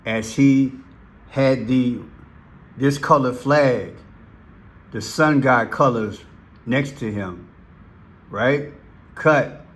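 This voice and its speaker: This is a man at an unhurried pace, talking over clips he plays. He leans hard on key words and repeats them. His pitch sits in a middle range. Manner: emphatic, stresses single words and repeats them. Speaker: commentary channel host. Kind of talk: slow, deliberate commentary over played clips.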